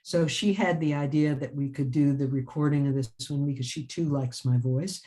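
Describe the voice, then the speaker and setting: A woman's voice: low-pitched, normal speed, warm tone. A woman author chatting in an interview. She tells stories with lots of energy, laughs often, and restarts her phrases as she rambles along. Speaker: author and writing teacher. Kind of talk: casual interview chat.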